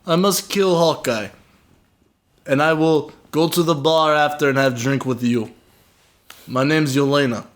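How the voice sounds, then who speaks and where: A man's voice: fairly high pitch, fairly even intonation, measured pace, long pauses, lightly acted. A man doing a mocking impression of a blunt Russian woman assassin, with an exaggerated fake Russian accent and clipped broken phrasing.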